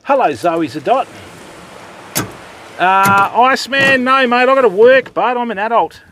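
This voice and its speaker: An older Australian man with a fairly high voice talks casually to his livestream viewers from the beach, explaining each step and greeting people by name. The outdoor recording has a faint hiss of background noise behind him. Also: animated, unhurried, bright, forceful tone. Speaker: fishing livestream host.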